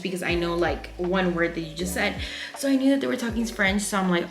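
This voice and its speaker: A woman's voice: medium pitch, lively intonation, fairly quick. A woman in her twenties from Texas telling a story in a chatty, frank vlog, swearing freely and using lots of fillers. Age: 20s. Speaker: vlogger. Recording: echoey room with faint music.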